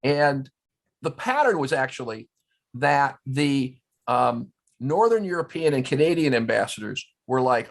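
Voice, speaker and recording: A man telling stories in casual conversation as a guest at a round-table talk, animated and full of restarts. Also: medium pitch, unhurried. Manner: storytelling, animated, many restarts. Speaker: guest, former ambassador. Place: indoors, round-table discussion.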